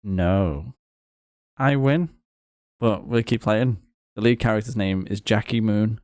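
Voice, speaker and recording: A man's voice: fairly low pitch, normal speed, darkish tone. Man, podcast co-host, dry teasing replies, no room echo, casual chat.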